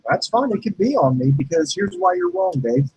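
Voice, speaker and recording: A man co-hosting a wrestling review show, calmly arguing back with lots of fillers. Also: high voice, a little fast, a little hiss or hum, low-quality recording. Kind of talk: casual debate.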